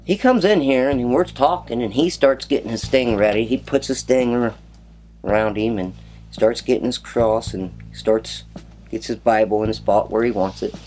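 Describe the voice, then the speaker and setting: In a documentary, a man with a medium-pitched voice tells a story about his house at a normal speed. As an animated storyteller, he acts out the voices and knocking sounds he remembers. Faint music plays behind him.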